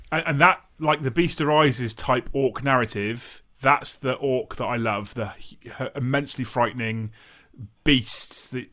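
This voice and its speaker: A man's voice: medium pitch, fairly bright tone. A man guesting on a hobby podcast, talking casually and earnestly about what he likes. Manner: opinionated, earnest. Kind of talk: casual chat.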